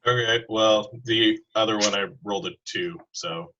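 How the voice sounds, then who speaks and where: A man playing a tabletop game, talking casually and slowly with a husky voice. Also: lowish voice, fairly even intonation, sharp tone, highs cut off. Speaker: player.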